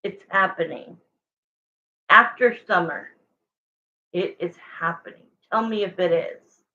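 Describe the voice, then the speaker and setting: A woman's voice: lowish voice, slow pace, pushed and bright, lo-fi sound. A woman doing a casual livestream tarot reading, chatty and rambling, often stopping to correct herself while answering viewers. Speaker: tarot reader.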